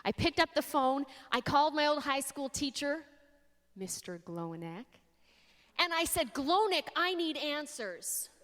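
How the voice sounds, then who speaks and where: Woman, young, from Canada, faith talk, expressive storyteller, slightly high voice, big reverberant hall. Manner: expressive storyteller, dramatic pauses. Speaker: speaker. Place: large hall.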